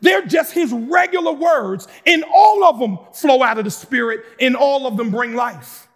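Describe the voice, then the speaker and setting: A man preaching a sermon, moving between calm explanation and fervent shouting with casual asides to the congregation. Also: very high-pitched, measured pace. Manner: shouts and preaches with rising intensity, conversational asides. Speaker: pastor.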